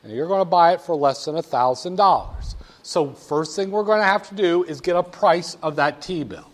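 A man's voice: fairly high pitch, moderate pace. A man lecturing a class, playful and teasing, talking straight to the students.

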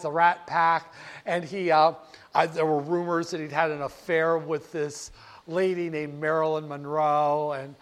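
Older male storyteller, high-pitched, folksy and animated recounting of the past. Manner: animated, folksy, self-correcting. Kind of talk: casual historical storytelling.

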